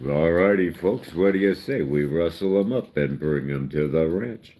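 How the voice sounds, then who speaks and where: A man's voice: low voice, normal speed, warm tone, lightly acted. A man doing an impression of a drawling older male cowboy film star. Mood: hearty.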